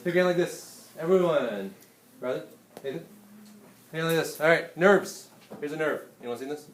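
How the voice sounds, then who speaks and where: A male teacher giving a lively, hands-on classroom lecture and speaking directly to his students. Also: a little high, moderate pace, roomy sound.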